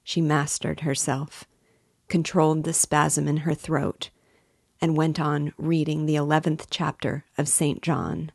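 A woman hosting a book club, reading a novel aloud in a slow, measured way. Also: low-pitched, level tone, vocal fry, breathy edge, no room sound, clean studio sound.

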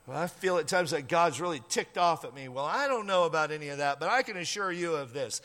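Emphatic preacher in a reverberant hall. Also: male voice, on the high side, animated, a bit bright. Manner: emphatic, repeats key phrases, slows down for emphasis. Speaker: pastor. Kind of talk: sermon.

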